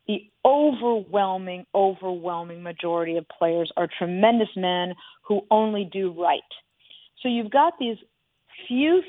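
Over a tinny phone line into a radio studio, a middle-aged woman with a mid-range voice and no room sound speaks as a guest analyst on a talk show. It's a radio phone interview, and she's emphatic, repeating words for stress.

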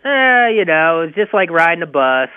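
A man's voice: a little high, big pitch swings, normal speed, smooth, no room sound, phone-quality sound. A man with a pronounced twang, calling in by phone to tell a story. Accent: Southern US twang. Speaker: caller. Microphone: rotary phone.

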